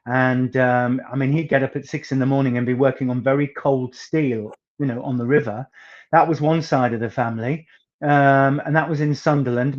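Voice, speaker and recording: A soft-accented singer from England's northeast chats through anecdotes as an interview guest, giving certain words a theatrical weight. He has a mid-range voice, and the recording sounds muffled.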